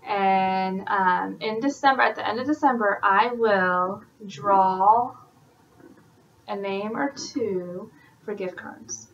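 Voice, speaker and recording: A woman's voice: mid-range voice, slow, a bit bright, dull audio, a little hiss or hum. Chatty woman rallying her sales team. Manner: chatty, encouraging, many fillers. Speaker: independent sales consultant. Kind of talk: casual team update video.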